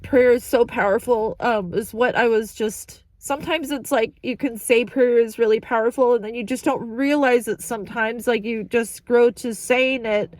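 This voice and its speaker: Tearful woman vlogger, halting and overwhelmed. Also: a little high, fairly even intonation, darkish tone, no echo. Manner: halting, restarting sentences, overwhelmed. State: tearful, crying. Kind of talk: emotional personal update. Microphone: phone held in hand.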